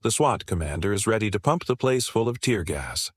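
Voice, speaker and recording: A man giving scripted narration in a measured, confident storytelling manner, asking the listener rhetorical questions. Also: lowish voice, expressive, husky, dry recording, clean studio sound.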